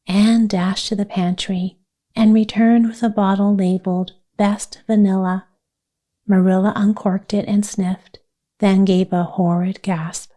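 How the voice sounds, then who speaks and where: Woman reading a cozy bedtime story, soft even voice, mellow and dark-ish. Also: mid-range voice, a little slow. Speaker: audiobook narrator. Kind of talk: calm sleep story narration.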